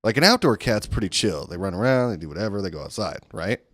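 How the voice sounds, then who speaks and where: Male podcast co-host, mid-pitched, expressive and profane, dry close sound. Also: fast talker, no echo. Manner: profane, opinionated riffing. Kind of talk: casual chat.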